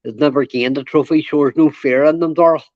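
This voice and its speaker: A man's voice: on the high side, steady tone, a little fast, no echo. A man joining a live panel to chat about football, rambling and repeating himself. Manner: rambling, repeats himself, retells what others said. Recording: dry, dull lo-fi call audio.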